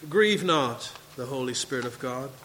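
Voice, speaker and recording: A man's voice: medium pitch, expressive, normal speed, a bit bright, in a large hall, a little hiss or hum, low-quality recording. A man preaching a sermon to his congregation, reading scripture and asking questions. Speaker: pastor. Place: church sanctuary.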